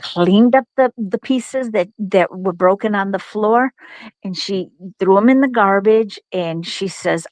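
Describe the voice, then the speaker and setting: A woman's voice: medium pitch, a little slow, a little mellow, dry recording, low-quality recording. A middle-aged woman telling a long, rambling story in casual chat, laughing often and restarting her sentences.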